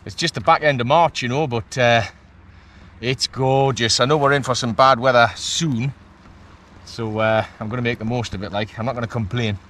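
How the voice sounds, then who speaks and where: A man, chatting excitedly to the camera from his kayak while fishing at sea, often laughing. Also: medium pitch, normal speed, slight background noise. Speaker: kayak angler filming his fishing trip. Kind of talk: casual vlog commentary. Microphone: action camera mic.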